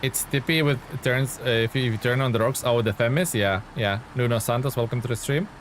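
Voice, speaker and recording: A man streams himself playing a truck game, chatting casually and greeting and thanking his chat as he goes. His medium-pitched voice moves fairly quickly, over a little hiss or hum.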